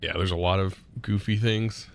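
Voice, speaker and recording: A man's voice: low voice, fairly even intonation, normal speed, gravelly. A man with a Southern US accent chatting casually on a live game stream, reading chat aloud and laughing often.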